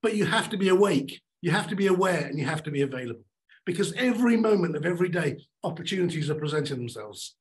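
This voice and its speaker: A middle-aged man giving a motivational talk on stage, emphatic and animated, repeating his key lines. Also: on the high side, quick pace, low-quality recording. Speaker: keynote speaker.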